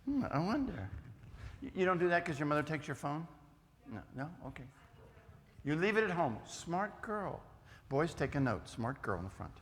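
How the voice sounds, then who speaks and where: A man's voice: fairly high pitch, normal speed, pauses often, a little hiss or hum. Folksy older man teaching in a hall. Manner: folksy, teasing, animated asides to the audience. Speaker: youth speaker. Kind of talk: lively classroom lesson. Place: church hall. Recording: long reverb of a hall.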